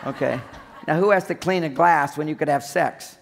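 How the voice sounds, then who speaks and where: A man's voice: fairly high pitch, normal speed, vocal fry, slight background noise. A man giving a humorous seminar talk on relationships, acting out little scenes as he goes. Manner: joking, acts out little scenes. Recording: long hall reverb.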